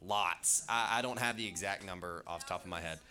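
A man's voice: sits low, brisk, sharp tone. A young man preaching a casual youth sermon, chatty and loose, with jokey asides and lots of fillers. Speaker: youth pastor.

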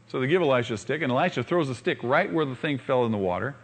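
A male pastor preaches a sermon, voicing the story's characters with animation and putting rhetorical questions to the congregation. He speaks in a mid-range voice, rapid-fire, with few pauses.

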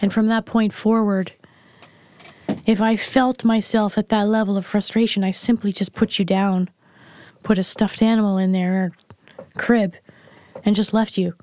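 With a medium, fairly flat pitch and a dark tone, a middle-aged woman speaks unhurriedly as an interview guest. She is the host's mother, and she shares a candid personal story in a frank, blunt, plain-spoken manner. The recording has no echo.

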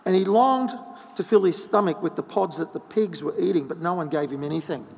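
A middle-aged man preaching a sermon in a church, telling stories in a relaxed, conversational way. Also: on the high side, fairly quick, gravelly, breathy edge. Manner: conversational storytelling with asides. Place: church hall. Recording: long hall reverb.

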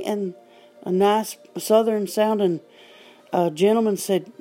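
Slow-talking wry older woman podcaster. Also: mid-range voice, steady tone, dark tone, soft background music. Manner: wry, dry humor. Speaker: podcast host. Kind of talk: casual podcast storytelling.

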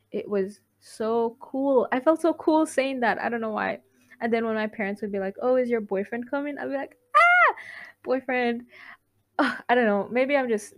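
A young woman at an ordinary pitch talks straight to her listeners in a casual confessional monologue. She rambles, cuts herself off mid-thought and giggles between lines, candid and heartfelt. She sounds like a podcast host chatting on her own show. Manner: rambling, self-interrupting, giggly.

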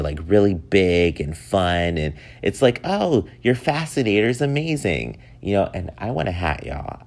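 A man in his thirties hosts his own podcast alone, with a low, deep voice. He talks in a loose, chatty way and laughs often as he goes along. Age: 30s. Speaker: podcast host. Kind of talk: casual solo podcast talk.

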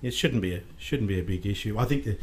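A man's voice: lowish voice, fast talker, darkish tone. Bantering Australian man telling stories. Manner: bantering storyteller, says mate a lot. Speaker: podcast guest. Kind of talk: casual podcast chat.

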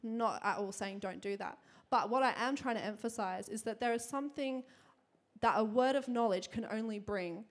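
A young woman giving a sermon to a congregation, telling a personal story in a chatty, quick way with lots of fillers and frequent laughter. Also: a little high. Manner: chatty, fast, laughing often, many fillers. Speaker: church speaker.

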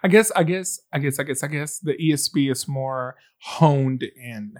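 A man's voice: mid-range voice, moderate pace. A man co-hosting a podcast in casual, joking banter. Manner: playful, jokey banter. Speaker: podcast co-host. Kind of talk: casual chat.

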